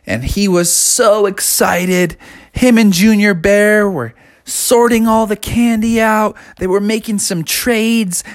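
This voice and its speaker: An animated storyteller reading a bedtime story. The pace is slow and unhurried, while the pitch rises and falls a great deal, and words are often drawn out for effect. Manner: animated, expressive, stretches words.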